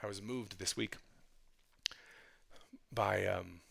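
A male pastor preaching a sermon in a conversational style, with casual asides to the congregation, swinging between hushed passages and loud, fervent ones. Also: deep voice, fairly even intonation, slow pace, gravelly, husky.

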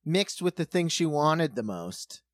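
Lively wisecracking co-host, dry close sound. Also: medium pitch, measured pace, no echo. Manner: wisecracking, profane, jokey asides. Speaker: podcast co-host. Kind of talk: casual banter.

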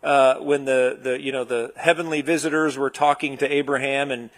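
A man preaching a conversational sermon, relaxed and searching, with frequent fillers and restarts. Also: mid-range voice, normal speed. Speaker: pastor.

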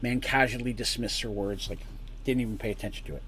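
A man's voice: lowish voice, steady tone, quick pace, a bit bright, a little hiss or hum. A man narrating a tabletop story as game master, casual and explanatory, with frequent asides.

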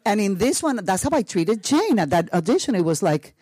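Telling an anecdote to a panel audience, this Puerto Rico-born actress speaks with a Puerto Rican accent at a moderate pace with few pauses. Her pitch rises and falls animatedly as she acts out each exchange with laughter and brief Spanish asides, recorded close and dry with no echo.

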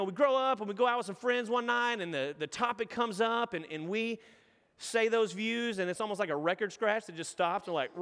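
Male pastor, thirties, lively sermon storytelling, acts out voices, high voice. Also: long reverb tail. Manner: animated storytelling with acted-out voices.

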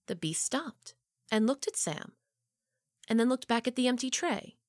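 A woman reading a children's story aloud, expressive and dropping low and quiet for the tense parts. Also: moderate pace, dry recording, clean studio sound.

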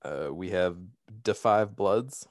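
A man with a somewhat low voice hosts a relaxed chat, reading lists of nominees and breaking into laughter now and then. His delivery is easygoing, and the recording sounds dry and close. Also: takes it slowly, no room sound. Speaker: podcast host. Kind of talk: casual chat.

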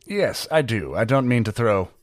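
Proud armored warrior, stiff and formal, pitch swinging widely, as a man plays him; dry sound. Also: sing-song, moderate pace, no echo, close to an everyday voice.

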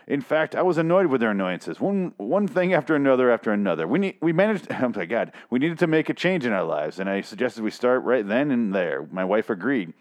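A man's voice: medium pitch, very animated, a little fast, hardly any pauses. A man reading an article aloud and mocking it, sarcastic and heavily profane, often stumbling over the words. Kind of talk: profane comedic reading and commentary.

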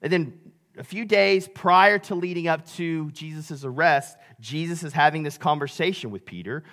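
A male pastor preaching a sermon, telling the story with big swings between loud and hushed delivery. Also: a little high, normal speed.

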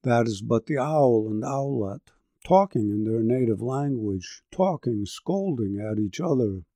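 A man reading a poem aloud, voicing a gentle old grandmother telling lore in a soft, patient tone. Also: mid-range voice, lively intonation, a little slow, dry recording.

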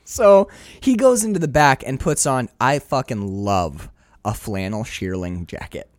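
A man's voice: medium pitch, animated, measured pace, no room sound, studio quality. A man co-hosting a casual chat about a movie, enthusiastic, laughing often and swearing freely. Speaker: podcast co-host.

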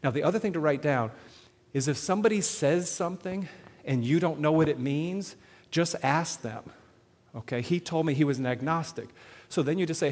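A man preaching to a live audience on sharing faith, animated, often asking the crowd questions and checking in with "okay?". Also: on the high side, normal speed. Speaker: evangelism speaker. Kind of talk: sermon-style teaching to an audience. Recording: long hall reverb.

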